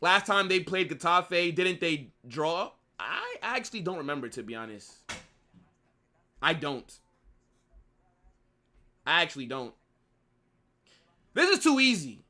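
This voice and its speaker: Animated young man mocking his live chat. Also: fairly high pitch, unhurried, long pauses. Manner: combative banter, mocking chat commenters. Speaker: streamer hosting a football watch-along.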